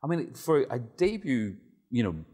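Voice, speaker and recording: A man's voice: mid-range voice, big pitch swings, measured pace, warm tone, breathy edge. A man interviewing a guest on a TV show, effusive and complimentary.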